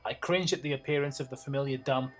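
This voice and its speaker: A man's voice: mid-range voice, steady tone, fast talker, faint music behind. A man reading a story aloud for laughs, stumbling over words and breaking off for sarcastic asides. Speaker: reader and host. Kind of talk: comedic reading with banter.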